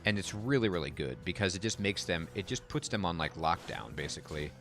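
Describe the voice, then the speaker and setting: A man with a very low, deep voice gives chatty gameplay commentary, reacting aloud as things happen on screen. Faint game music plays softly underneath. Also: lively intonation, a little fast. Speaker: game streamer.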